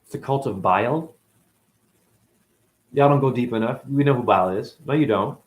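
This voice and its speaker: A man's voice: mid-range voice, moderate pace. Rambling, profane spiritual teacher man. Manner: rambling, profane, swings between loud and muttered. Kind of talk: rambling casual monologue.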